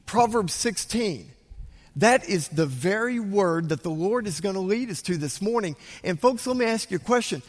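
Older pastor preaching in a reverberant sanctuary. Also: male voice, sits high. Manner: storytelling with hushed whispers and sudden loud bursts. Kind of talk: sermon. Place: church sanctuary. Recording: long hall reverb.

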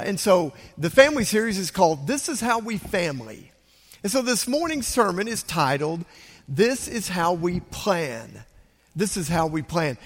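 An older man delivers a Sunday sermon from the pulpit, his voice sitting a little high for a man. He tells stories in lively swings, dropping to hushes and rising to loud bursts. The sound rings out with the long reverb of a large church sanctuary. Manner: storytelling with hushed whispers and sudden loud bursts. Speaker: pastor.

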